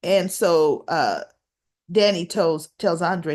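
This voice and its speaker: A woman's voice: fairly low pitch, lively intonation, measured pace, a little mellow. A woman chatting through a casual recap of a soap opera episode, tossing in tag questions and acting out what the characters said. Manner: retells scenes by acting out quoted lines.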